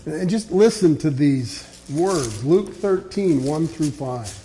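A man preaching a sermon in an earnest way, with a mellow, warm tone that sits a little high for a man. He reads scripture aloud and lets his voice sink low and soft on his key points. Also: expressive, slow pace.

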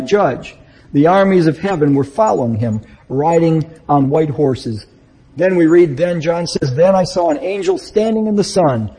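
A man's voice: a little high, warm tone, slightly rough, low-quality recording. A man teaching verse by verse through a Bible book, reading passages aloud and then explaining them, often restarting his sentences.

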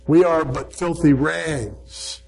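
A man delivers a sermon in a high voice, taking his time over each phrase. He leans on key words with emphatic weight and cites chapter and verse as he goes. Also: gravelly, darkish tone, low-quality recording. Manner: slow, emphatic preaching, quoting scripture references. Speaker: preacher.

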